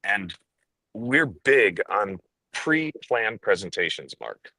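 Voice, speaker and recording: Animated, forceful male sales trainer. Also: fairly low pitch, takes it slowly, no room sound. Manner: emphatic, demonstrative, drives points home with stress and inflection. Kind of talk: animated podcast talk.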